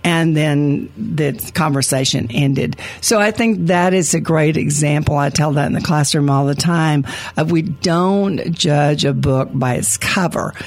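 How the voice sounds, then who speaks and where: An older woman, an educator, chatting and telling a story with animated quoted lines. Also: low voice, unhurried, hardly any pauses. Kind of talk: conversational storytelling.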